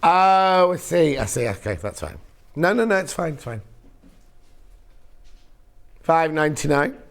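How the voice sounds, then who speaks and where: Gravelly chatty male shopping host. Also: fairly high pitch, big pitch swings, moderate pace. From United Kingdom. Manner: chatty, reads viewer messages aloud. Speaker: shopping channel presenter. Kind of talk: casual on-air sales chat.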